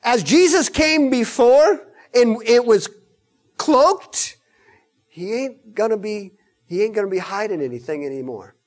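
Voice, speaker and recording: A man preaching a sermon in an animated, emphatic way, mixing in joking asides. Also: high-pitched, a little slow.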